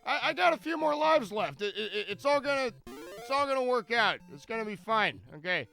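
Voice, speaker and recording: A man's voice: extremely high pitch, very animated, a little fast, creaky, bright, forceful tone, faint music behind. A man commentating his own game run live, rambling and joking with frequent stammered restarts.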